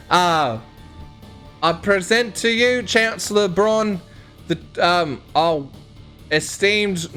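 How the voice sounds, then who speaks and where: A man's voice: high voice, clear, resonant tone, pitched above the performer's own voice. A man voicing a blustering male Triton captain in a tabletop game. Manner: loud, blustering, apologetic.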